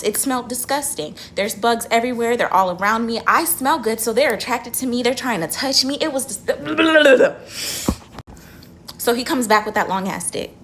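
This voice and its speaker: A young woman vlogging from her car, telling a dramatic story in a casual, animated way and swearing freely. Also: fairly high pitch, a little hiss or hum.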